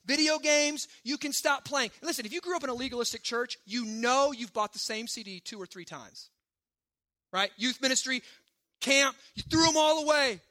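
Bright, high-voiced preaching man. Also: moderate pace. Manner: emphatic, conversational preaching with frequent "right?" asides. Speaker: pastor. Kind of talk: sermon.

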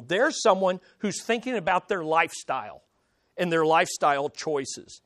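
A man's voice: high-pitched, fairly bright tone, no room sound, studio quality. Man preaching in rhetorical questions. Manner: rhetorical questions, emphatic pauses. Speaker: pastor. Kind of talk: sermon.

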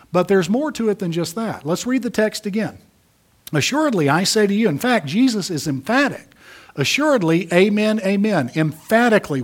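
A man preaching a sermon, emphatic, rising to loud peaks and dropping to soft asides. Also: high-pitched. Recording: audio of a church sermon.

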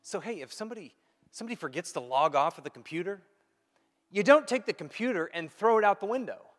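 A fairly high-voiced man preaches in a big hall with a long reverb tail. He acts out quoted exchanges and swings from loud bursts to hushed asides. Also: fast talker. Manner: animated, acts out quoted dialogue. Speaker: pastor. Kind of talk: sermon.

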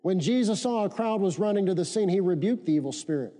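Guy preaching a sermon, pretty high voice but mellow, keeps repeating lines and gets the church to say them back. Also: animated, fast talker. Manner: emphatic repetition, leads congregation in call-and-response. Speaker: pastor. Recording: long reverb of a church hall.

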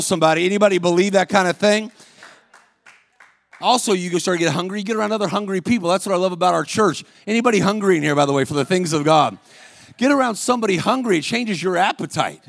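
A man preaching as a guest speaker at a church service, calling out to the congregation and rising to shouts. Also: high voice, no echo, studio quality. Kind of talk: sermon. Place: church sanctuary.

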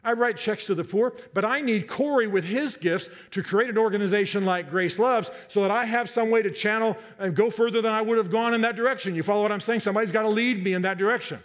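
A man preaching a sermon to a congregation, animated and joking, often repeating and restarting his words. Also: high-pitched, fast talker, few pauses. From Southern United States, half his family.

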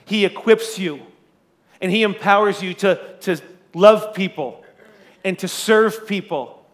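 A male pastor preaching a sermon, telling a story in an animated, conversational way with a loud speaking voice. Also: sits high, a little slow.

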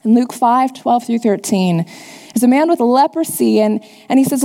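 A woman preaching a sermon in a relaxed, conversational way, with quick asides and the odd laugh. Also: a little high, creaky. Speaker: pastor. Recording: long hall reverb.

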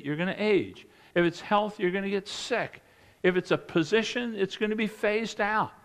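A man preaching a sermon as a pastor, retelling a scripture story with lively emphasis and dropping to quiet, earnest moments. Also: high voice, big-room sound. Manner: animated storytelling preacher, swinging between loud emphasis and quiet earnest passages.

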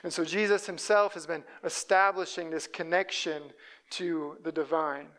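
Higher-voiced man preaching a sermon. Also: steady tone, normal speed, fairly bright tone. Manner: storytelling preacher who voices quoted speakers. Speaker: pastor.

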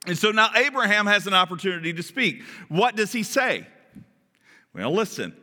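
A man preaching a sermon as pastor, animated and often asking his listeners questions. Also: high-pitched, normal speed, long reverb tail. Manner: animated, asks the congregation questions.

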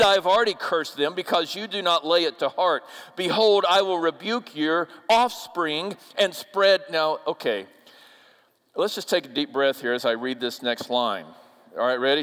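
Guy preaching a sermon, high voice, gets loud then drops real quiet, big echoey church. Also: moderate pace. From upper Midwest of the US. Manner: animated, swings from loud emphasis to hushed asides. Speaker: pastor. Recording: long reverb of a church hall.

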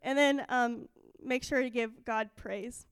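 Young woman, high voice, smooth tone, dry close sound, excited church testimony. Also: slow pace, no echo. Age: young adult. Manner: excited, animated storytelling with quoted dialogue. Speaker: church speaker.

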